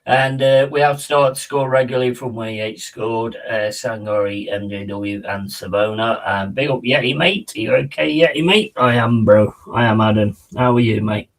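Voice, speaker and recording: A man hosts a live football watch-along, talking in a loose, slangy, excitable way and calling his viewers mate. His voice sits at a middle pitch for a man. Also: normal speed, few pauses, low-quality recording. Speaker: football fan streamer.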